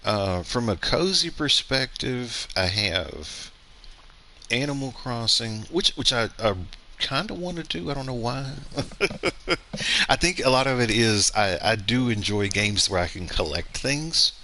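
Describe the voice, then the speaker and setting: A man's voice: medium pitch, lively intonation, a little slow, pushed and bright, a little hiss or hum. A man giving casual gameplay commentary, thinking aloud and rambling with fillers and restarts as he plays. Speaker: gaming streamer.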